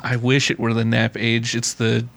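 A young man with a flat General American accent and a light Southern California lilt, rambling through a casual podcast chat. He laughs often and says "like" constantly, with a voice of middling pitch. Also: normal speed, gravelly, noisy background. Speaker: podcast host.

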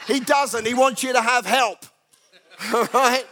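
A man with a very high voice speaks slowly while delivering a funny sermon to a congregation. His storytelling is animated, with everyday characters acted out along the way.

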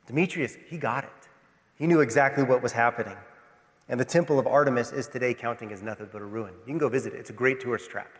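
A man's voice: mid-range voice, fast. Man preaching in a reverberant hall. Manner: passionate preaching, swings from loud to hushed. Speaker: pastor. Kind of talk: sermon. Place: church sanctuary.

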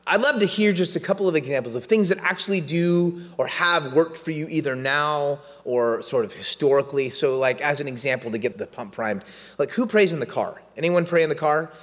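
A pastor preaches casually to his congregation, telling a humorous family story and putting questions to the room in a sermon with audience interaction. His voice is fairly high, brisk and fairly bright, and hall reverb colors the recording.

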